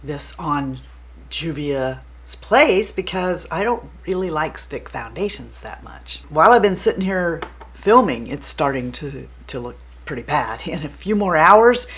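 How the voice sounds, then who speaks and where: A woman's voice: low-pitched, animated, measured pace, fairly bright tone, slightly rough. A woman hosting a casual get-ready-with-me makeup vlog, playful and giggly with jokey asides. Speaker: beauty vlogger host.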